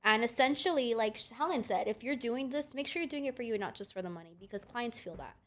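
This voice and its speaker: A woman's voice: fairly high pitch, expressive, a bit bright. A young woman and makeup artist talking casually in a podcast interview, chatty and full of "like". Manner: quick, chatty, lots of "like". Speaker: makeup artist and business owner. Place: podcast studio.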